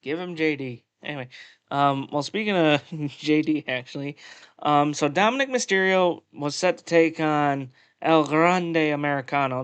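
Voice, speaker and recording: A man recaps wrestling on a podcast in loose, casual chat. His voice sits a little high and comes across smooth and resonant. He is blunt and swears freely, and the sound is close and dry. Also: moderate pace, fairly bright tone, no room sound. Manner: profane, blunt, peppered with "uh" and "um". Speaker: podcast co-host.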